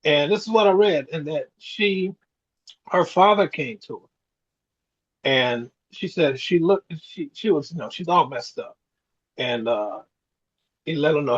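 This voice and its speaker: This man in his sixties co-hosts a podcast, sharing reflective stories in casual chat and chuckling often. His husky voice runs on the high side and is expressive, unhurried and full of pauses. The sound is dull and lo-fi.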